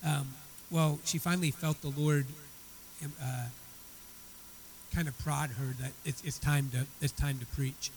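Fairly high-voiced man teaching a Bible lesson. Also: steady tone, unhurried, long pauses, slight background noise, poor audio. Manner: conversational, repeats words as he restarts. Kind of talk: retelling a story as a church lesson.

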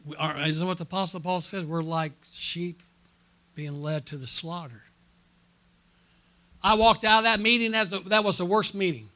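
At a church conference, a middle-aged pastor preaches a sermon built around a personal story, calling out to the congregation. His high-pitched voice climbs to loud, excited peaks and falls to quiet asides. He keeps a moderate pace, leaving long pauses.

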